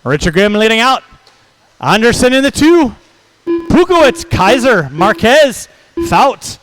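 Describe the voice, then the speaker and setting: A man calling a hobby race over the track speakers, brisk and jokey, reeling off driver names in quick runs. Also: extremely high pitch, very animated, over music, rough recording. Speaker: race announcer. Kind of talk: live race commentary.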